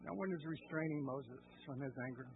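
A male pastor preaching a sermon, asking the congregation rhetorical questions and swinging between quiet and loud. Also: mid-range voice, fairly quick, slight background noise. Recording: tinny phone-like sound.

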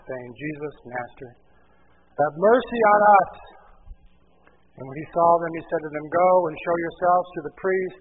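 Male preacher, sermon, high voice, breathy, phone-like radio sound. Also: a little hiss or hum. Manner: reads scripture then explains it, raising his voice for emphasis.

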